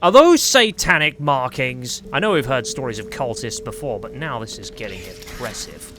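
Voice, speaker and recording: A man's voice: mid-range voice, very animated, normal speed, music in the background. A young man giving casual, jokey, sweary commentary while he plays a game. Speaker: gameplay commentator.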